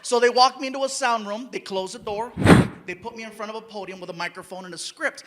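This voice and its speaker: A man's voice: high-pitched, fast talker, a bit bright. A man doing stand-up, telling a story on stage and acting out voices and sound effects. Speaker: stand-up comedian. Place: comedy stage before a live audience.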